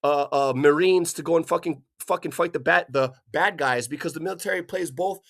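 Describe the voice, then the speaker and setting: A man from Hawaii delivering an angry, profanity-filled rant, swearing constantly and bursting into shouts. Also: on the high side, fairly quick, gravelly. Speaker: vlogger.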